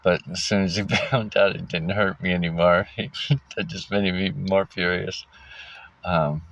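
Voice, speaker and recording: A man with a very low voice tells his own story in a casual, halting way, stopping on fillers and restarting his sentences. A wry laugh slips in now and then. The recording sounds dull and lo-fi. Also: steady tone, vocal fry, a bit bright.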